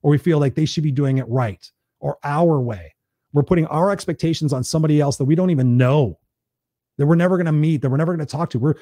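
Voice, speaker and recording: Man, live-stream host, motivational talk, blunt, swears a lot, mellow voice, dry close sound, slightly high. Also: quick pace, no echo. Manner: blunt, swears freely, preachy and conversational.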